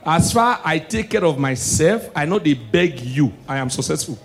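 Performing stand-up in a Nigerian Pidgin English accent, this man alternates quiet, sermon-like asides with shouted punchlines. His voice is fairly high and animated, and he speaks at a normal speed.

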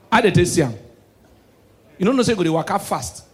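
A man with a Nigerian Pidgin English accent performing a stand-up comedy set, swinging between hushed preachy asides and shouted punchlines. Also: high voice, fast talker.

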